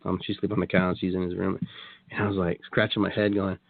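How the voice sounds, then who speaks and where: A man's voice: low-pitched, little pitch movement, fast, creaky, dry recording. Rambling man on a tinny line. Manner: rambling, many restarts and quoted asides. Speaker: guest. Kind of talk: casual storytelling on a radio talk show. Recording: tinny phone-like line, dry.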